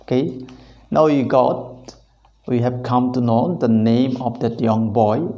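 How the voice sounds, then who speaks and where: An English teacher with a medium-pitched, mellow voice and some vocal fry walks through a story line by line. He repeats himself and keeps filling with "okay," and the audio sounds dull.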